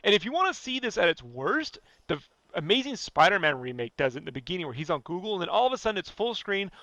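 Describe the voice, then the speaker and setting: High, bright-voiced ranting man. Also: no echo. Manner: animated, profane, ranting. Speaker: podcast guest. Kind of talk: casual podcast rant.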